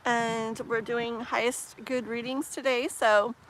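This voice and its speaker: A woman giving a live-stream tarot reading in a casual, filler-heavy way, slowing to muse aloud as she shuffles. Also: a little high, little pitch movement, slight background noise, rough recording. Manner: slows down and muses while shuffling. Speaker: tarot reader.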